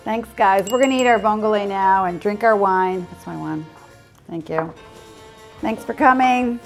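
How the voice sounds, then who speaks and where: A woman's voice: mid-range voice, normal speed, gravelly, soft background music. A woman hosting a casual cooking demonstration, chatty and playful with upbeat asides. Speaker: cooking show host.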